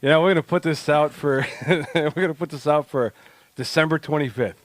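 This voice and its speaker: A man's voice: on the high side, fairly quick, no room sound. Male podcast co-host, profane joking rants, dry studio sound. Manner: loud, crude, joking rants. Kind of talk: casual profane banter.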